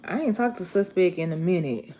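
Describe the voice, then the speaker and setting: A woman, chatting casually to her viewers and telling stories in a relaxed, slangy way. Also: fairly low pitch, a little fast. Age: 30s. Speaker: vlogger.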